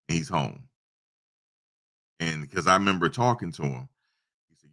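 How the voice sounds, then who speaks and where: His pitch is extremely low and his tone sharp, and he talks at normal speed but pauses often. This YouTube livestream host casually tells a story, circling back repetitively and adding preachy asides.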